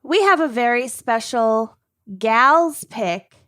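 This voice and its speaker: A woman's voice: fairly high pitch, fairly bright tone. A woman co-hosting a podcast in casual, joking chat, often laughing. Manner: giggly, joking, drawn-out delivery. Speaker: podcast co-host.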